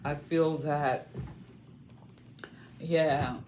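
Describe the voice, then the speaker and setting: A tarot reader talking through a card spread at an unhurried, slow pace. The voice muses aloud in short, loose phrases and often stops to check in with listeners. A faint noise sits behind it. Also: mid-range voice, steady tone. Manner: musing, checks in with listeners by asking "okay?"; talks in short loose phrases with many fillers. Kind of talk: casual spoken tarot reading.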